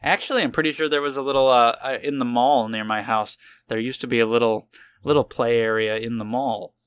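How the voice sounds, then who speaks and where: Bright-voiced man joking crudely. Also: medium pitch, fairly even intonation, brisk, clear, resonant tone, dry recording. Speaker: let's player. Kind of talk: casual gameplay commentary.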